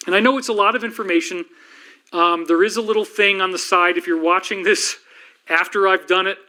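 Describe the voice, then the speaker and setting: A middle-aged man hosting a livestream, lecturing rapidly and rambling with frequent restarts. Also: high-pitched, pushed and bright. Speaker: livestream host and researcher. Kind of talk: fast-paced lecture livestream.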